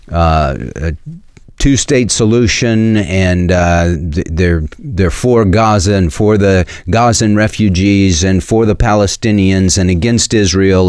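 A Southern man with a very deep, low voice delivers preachy talk-radio commentary. He speaks earnestly, stumbles through fillers and restarts, and sounds close and dry on the mic. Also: a little mellow, smooth, dry recording. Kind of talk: opinion commentary with scripture.

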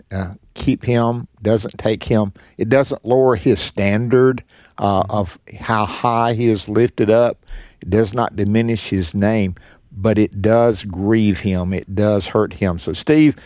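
A low-voiced man co-hosts a Bible call-in radio program. He talks like a pastor, restarting his sentences as he searches for words. The studio sound is dry and close. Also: no room sound. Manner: warm pastoral, halting restarts.

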